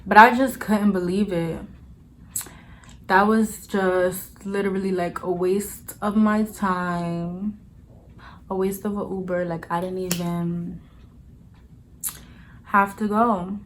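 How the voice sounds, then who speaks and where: A woman's voice: mid-range voice, fairly even intonation, takes it slowly, pauses often, slight background noise. A young adult woman telling a storytime vlog in a casual, blunt, profane way. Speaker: vlogger.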